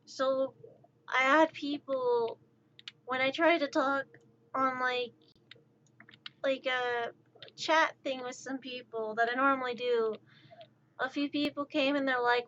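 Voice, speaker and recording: A woman in her thirties rambling through an exasperated rant on a casual livestream, her voice slightly altered after intubation. She speaks high and bright at an unhurried pace, heard through dull, muffled stream audio. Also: steady tone, a little hiss or hum. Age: 30s.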